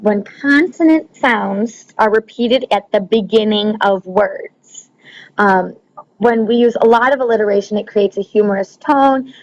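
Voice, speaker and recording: Woman teacher explaining with frequent ums. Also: medium pitch. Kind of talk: recorded classroom lesson. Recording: slightly dull lo-fi recording.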